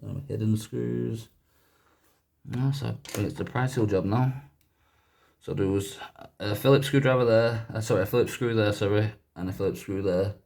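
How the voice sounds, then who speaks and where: A man's voice: on the low side, normal speed, vocal fry, a little mellow. A man casually talking through a gadget teardown in a chatty, rambling way, often correcting himself. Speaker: YouTuber doing a gadget teardown.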